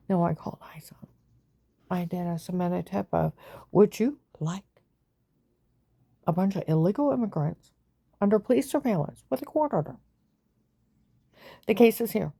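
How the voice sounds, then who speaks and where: Gravelly, husky-voiced woman ranting. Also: lively intonation, normal speed, long pauses, no room sound, clean studio sound. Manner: agitated, swings between loud outbursts and low whispers. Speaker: vlogger. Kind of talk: rambling monologue to camera.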